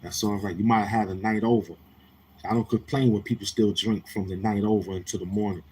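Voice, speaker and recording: Brief: male livestream host, New York accent, lowish voice, blunt, profane, in-your-face. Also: fairly even intonation, fairly quick, darkish tone, a little hiss or hum. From Queens, New York. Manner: brash, profane, confrontational. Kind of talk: casual livestream chat with viewers.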